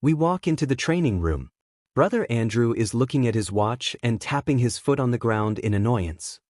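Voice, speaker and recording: A man narrating a fan fiction story aloud in a plain, even storytelling manner. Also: mid-range voice, moderate pace, no echo, studio quality.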